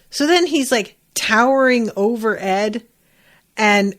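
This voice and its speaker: A woman's voice: mid-range voice, a little slow. A woman podcast host recapping an anime episode in casual chat, acting out lines and swearing freely. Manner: animated retelling with acted-out quotes, swearing.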